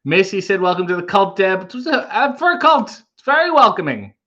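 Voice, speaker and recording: A man's voice: high-pitched, big pitch swings, a little fast, sharp tone, highs cut off. A man hosting a casual livestream, reading viewer comments aloud and riffing on them with wry humor. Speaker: livestream host reading chat.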